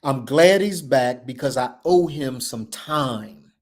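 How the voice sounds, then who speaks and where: A man hosting a show, speaking in an impassioned motivational talk with an emphatic, repetitive, preacher-like cadence. He moves between loud declarations and low, hushed passages. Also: takes it slowly. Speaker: show host.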